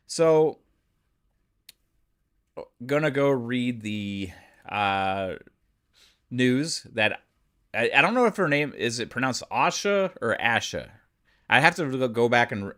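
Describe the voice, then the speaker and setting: A man with a low-pitched voice hosts a podcast in a casual, conversational way. He thinks aloud as he goes through the news. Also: fairly bright tone. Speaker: podcast host.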